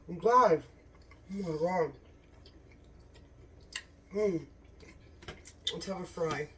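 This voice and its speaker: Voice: mid-range voice, expressive, very slow, pauses often, recorded from a distance, noisy background. A home cooking channel host in a casual cooking vlog, gushing with enthusiasm about the food, recorded in a home kitchen.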